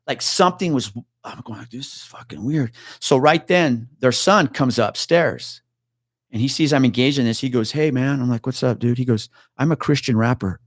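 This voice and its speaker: A man's voice: medium pitch, normal speed, dry recording, studio quality. A middle-aged man, a retired police officer, casually telling a tense story in an interview, swearing and acting out the voices of the people in it. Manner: animated, swearing, acts out quoted voices.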